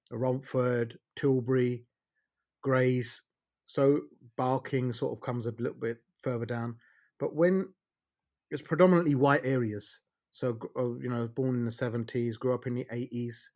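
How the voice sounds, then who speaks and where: A man's voice: medium pitch, a little mellow. Joking middle-aged Essex man. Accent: Essex English. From England. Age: 40s. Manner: jokey, anecdotal, with many fillers and restarts. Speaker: guest, immigration solicitor. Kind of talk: casual podcast interview.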